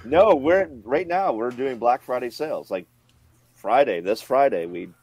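A man's voice: mid-range voice, big pitch swings, unhurried, gravelly, a little mellow, no room sound. A man with a Canadian accent, a podcast guest in casual chat, blunt and laid-back, swearing freely.

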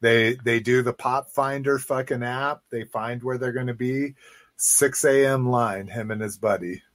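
A man's voice: mid-range voice, fairly even intonation, measured pace, a bit bright, no echo. A man hosting a casual toy-collector podcast, talking loosely with lots of swearing and restarts. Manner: loose, profane, restarts often. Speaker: podcast host. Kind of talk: casual chat.

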